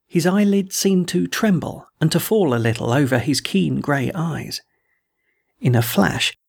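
Male narrator, audiobook, measured first-person storytelling, husky, slightly raised pitch.

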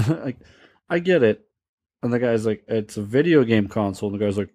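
A man's voice: on the low side, moderate pace, darkish tone, no echo, studio quality. A man casually telling a funny story, laughing along and acting out the voices of the people in it. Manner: laughing, acts out quoted voices. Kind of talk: casual anecdote.

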